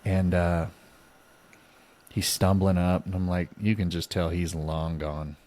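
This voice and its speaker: A man's voice: low voice, measured pace. A man co-hosting a podcast, casually telling a story and acting out the dialogue. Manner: animated, acts out both sides of dialogue. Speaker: podcast co-host.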